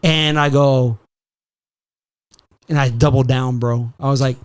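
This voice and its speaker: A man hosting a podcast, telling a story in a casual, profane, animated way and slipping in Spanish phrases. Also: medium pitch, moderate pace. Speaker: podcast host.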